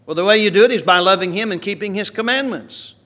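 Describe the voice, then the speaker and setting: Bright-voiced, high-pitched preacher. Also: male voice. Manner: emphatic, swings from quiet to loud, slows on key words. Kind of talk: sermon.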